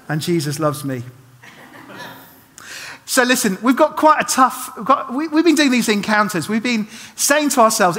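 A man's voice: high-pitched, bright, forceful tone. A middle-aged man, preaching a chatty, self-deprecating sermon full of humorous asides and restarts. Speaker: pastor. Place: church hall. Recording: long reverb of a church hall.

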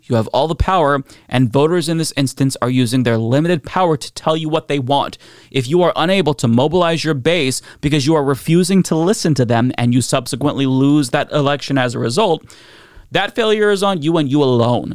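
A man's voice: fairly high pitch, a little fast, dry recording, studio quality. A man hosting a political commentary show, talking bluntly and sarcastically with frequent profanity.

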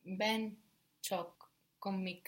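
A woman's voice: medium pitch, fairly even intonation, drawn-out words. A woman student answering language drills tentatively and carefully.

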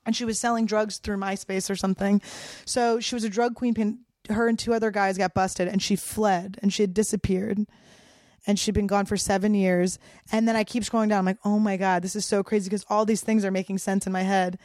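A woman's voice: mid-range voice, flat delivery, fairly quick, a little mellow, no room sound, studio quality. A woman from Philadelphia, a comedian, telling a wild story in a casual, profane way. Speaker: comedian guest.

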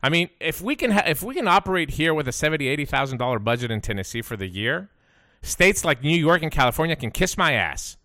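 A man hosting a radio show, telling stories in a fired-up, profane, animated way. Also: on the high side, fast talker, no echo, studio quality. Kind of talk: casual ranting talk.

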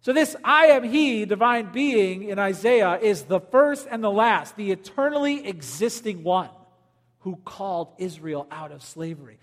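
A man preaching a sermon as pastor, swinging between loud emphasis and quiet, low lines. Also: lively intonation, unhurried, long reverb tail.

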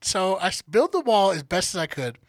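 A man co-hosting a podcast, telling a story in a casual, profane, lively way. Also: high voice, brisk, dry recording. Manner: profane, animated storyteller acting out family members. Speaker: podcast co-host.

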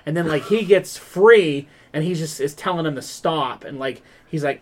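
A man hosting a podcast, retelling a story in a rambling, animated way, with lots of "like" and "um". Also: fairly high pitch, moderate pace, few pauses. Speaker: podcast host. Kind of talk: casual podcast chat.

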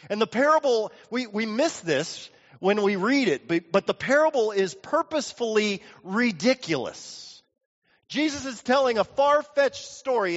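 A man preaching a sermon in a church sanctuary, telling stories and acting out the people he quotes. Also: high voice. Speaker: pastor. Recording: dull lo-fi audio with long hall reverb.

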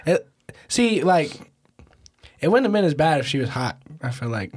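Husky young man teasing his guest. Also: a little high, very animated, moderate pace. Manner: teasing, joking reactions. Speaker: podcast host. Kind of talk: casual chat.

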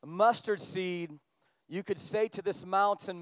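A man preaching a sermon as pastor, building up with animated emphasis and quickening delivery. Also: dry recording. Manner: animated preaching, rising in pitch and volume as he builds.

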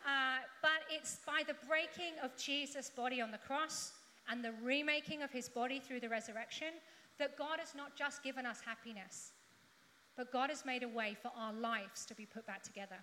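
Bright-voiced woman preaching in a hall. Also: high voice, normal speed. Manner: conversational with humorous asides to the congregation. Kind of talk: sermon. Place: church hall with congregation. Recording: echoey hall with faint background noise.

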